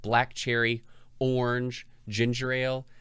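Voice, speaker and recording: A man's voice: medium pitch, completely flat delivery, measured pace, a bit bright, smooth, dry recording. A middle-aged man co-hosting a casual chat, telling stories and sharing facts with dry humor. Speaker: podcast co-host.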